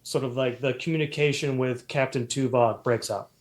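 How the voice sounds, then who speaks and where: A man's voice: mid-range voice, fairly even intonation, moderate pace. A man running a tabletop role-playing game as game master, narrating loosely with many fillers and restarts.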